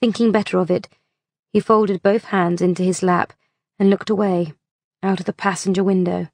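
A woman narrating an audiobook in a measured, unhurried reading voice on a close mic. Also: medium pitch, little pitch movement, gravelly, a little mellow, no echo.

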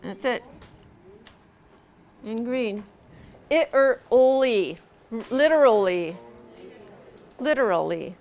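A woman leads a pronunciation lesson at a very slow, deliberate pace. Her voice sits fairly high, and she repeats each sound patiently, stretching the vowels so learners can follow. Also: expressive, darkish tone, soft background music. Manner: patient, drills sounds slowly with repetition and light laughs. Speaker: pronunciation teacher. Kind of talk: live English pronunciation lesson.

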